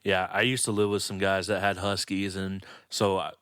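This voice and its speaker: A man in his thirties co-hosting a podcast, telling stories in a relaxed way with lots of fillers. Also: sits low, moderate pace, clean tone, dry recording, clean studio sound. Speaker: podcast co-host. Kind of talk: casual chat.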